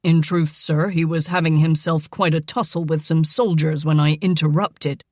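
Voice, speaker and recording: A woman voicing a polite, composed young army doctor in a lowered, measured voice. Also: fairly even intonation, darkish tone, dry recording, clean studio sound.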